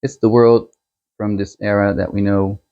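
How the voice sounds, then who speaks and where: A man hosting a book channel, chatting casually as he shows a book set and reviews a novel, unhurried and chuckling as he thinks aloud. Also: on the low side, flat delivery, dull audio.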